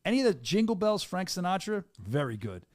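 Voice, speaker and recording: A middle-aged man hosts a podcast in fast, animated banter. His voice sits fairly high, and the sound is close and dry with no room in it. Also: no echo. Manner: animated, joking, fast-talking. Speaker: podcast host. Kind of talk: casual podcast chat.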